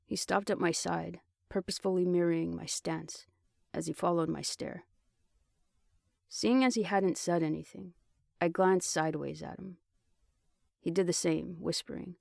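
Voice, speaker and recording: A man reads an audiobook in the first person, telling the story steadily. His voice sits a bit high for a man and has a gravelly texture. The sound is dry and close to the mic. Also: steady tone, normal speed, darkish tone, no room sound. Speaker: audiobook reader. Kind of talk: audiobook narration.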